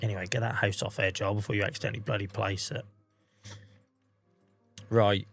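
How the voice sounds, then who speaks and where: A man's voice: fairly low pitch, little pitch movement, a little fast, creaky, faint music behind. An English man streaming a farming game, under the weather with a cough, chatting in a rambling, self-mocking way. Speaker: livestreamer. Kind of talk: casual gameplay commentary.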